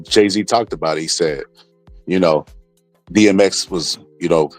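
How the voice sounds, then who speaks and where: Deep-voiced man giving earnest advice. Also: a little slow, soft background music. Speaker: guest commentator. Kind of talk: casual livestream chat.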